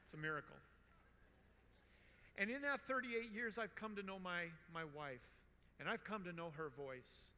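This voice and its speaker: A man in his sixties giving a storytelling conference talk in a large hall, animated and joking, with emphatic repetition. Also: sits high, normal speed, long pauses, a little hiss or hum. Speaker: conference speaker. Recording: long hall reverb.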